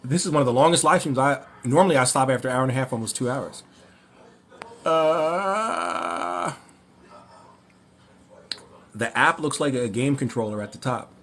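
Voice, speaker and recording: A man hosting a livestream Q&A, ranting and mocking in an animated way, often rambling and correcting himself. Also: mid-range voice, moderate pace, long pauses, slight background noise. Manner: animated, mocking, breaks into laughter. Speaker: livestream host.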